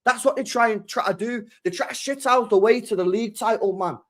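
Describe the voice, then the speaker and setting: Excitable sweary young streamer. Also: male voice, high voice, fairly quick. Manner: excitable, sweary, repeats himself. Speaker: football streamer. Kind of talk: live-stream football reaction.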